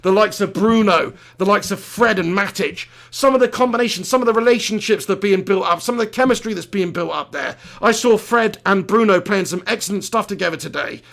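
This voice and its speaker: A man hosts a football fan live stream from a small home studio. His voice sits high and carries a gravelly rasp. He rants with passion, swears freely and breaks off to thank viewers by name. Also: fairly quick, few pauses, a bit bright. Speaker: live-stream host reacting to a football match.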